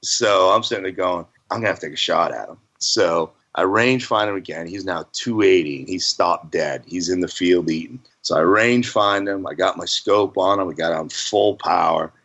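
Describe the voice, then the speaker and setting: A man's voice: sits low, moderate pace, few pauses, a bit bright, muffled recording. A man telling a hunting story in a rambling, folksy way, laughing now and then. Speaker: hunting guest. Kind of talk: casual storytelling.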